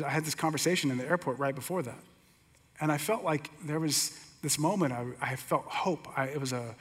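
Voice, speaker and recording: A middle-aged man teaching a sermon, telling stories in a relaxed, conversational way with humor. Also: mid-range voice. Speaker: pastor teaching. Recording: long hall reverb.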